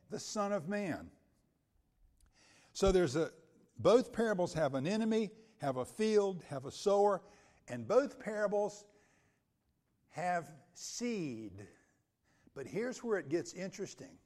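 A man's voice: high voice, darkish tone. A man preaching an expository sermon, reading scripture aloud and then explaining it step by step, repeating key phrases for emphasis. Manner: occasional restarts when speaking off the cuff.

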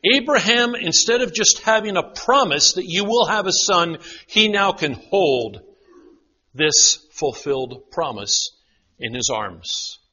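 A man preaching a sermon, shifting between emphatic declarations and hushed retellings. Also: high voice, expressive, takes it slowly, breathy edge. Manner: dramatic, drops to a hush for quoted lines. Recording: dull lo-fi sound.

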